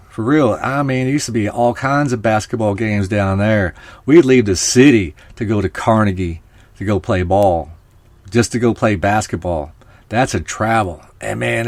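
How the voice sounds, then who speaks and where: Hosting a live-streamed podcast, this man from Oklahoma rambles casually and addresses his viewers directly. His voice is on the low side with a darkish tone, and there's no echo.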